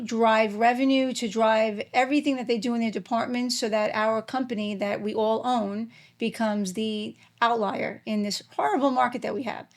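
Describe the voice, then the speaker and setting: A woman hosting a podcast interview, talking casually with many fillers. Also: fairly high pitch. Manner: chatty, many fillers like "right" and "like". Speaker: podcast host.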